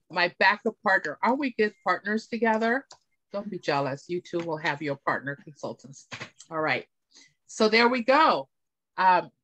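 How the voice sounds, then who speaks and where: A woman's voice: mid-range voice, fairly bright tone, no echo. Woman, beauty consultant, live product demo, enthusiastic, dry recording. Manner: chatty, enthusiastic, often asks "right?". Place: home, on camera.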